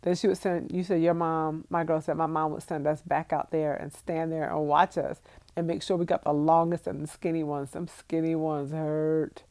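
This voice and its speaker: Reading her live chat on a phone livestream, an American vlogger in her thirties laughs a lot and replies casually to viewers' comments. Her low, slightly mellow voice shows little pitch movement and keeps a moderate pace.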